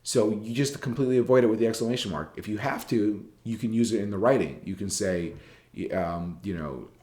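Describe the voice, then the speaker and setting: A man's voice: lowish voice, fairly quick, a little mellow, reverberant. A man teaching a journalism writing class in a recorded lecture, talking casually and rambling, with many fillers and restarts.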